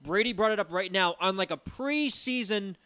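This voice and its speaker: High-voiced man explaining earnestly. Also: moderate pace, pushed and bright, smooth, no room sound. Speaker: podcast co-host. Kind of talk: casual chat.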